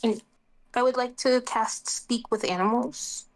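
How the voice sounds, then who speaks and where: A woman's voice: fairly high pitch, a little slow. A woman playing in a tabletop game, chatting in a playful, casual way. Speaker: player.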